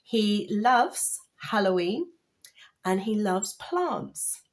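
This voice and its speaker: A woman vlogging about knitting, talking in a rambling, chatty way and gushing with excitement, sounding tired. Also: medium pitch, drawn-out words. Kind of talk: casual chatty vlog.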